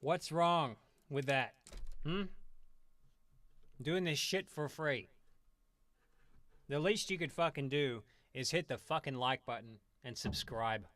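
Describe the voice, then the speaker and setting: A man's voice: mid-range voice, slow, long pauses, a bit bright, no echo. A man streaming and ranting in profane, sarcastic, rambling commentary.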